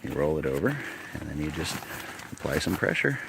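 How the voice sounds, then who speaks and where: Very deep, gravelly-voiced man. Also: sing-song, moderate pace, heavy background noise. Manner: chatty, folksy, thinking aloud. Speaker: outdoor gear reviewer. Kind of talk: casual gear demo. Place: inside a small tent outdoors. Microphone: phone held in hand.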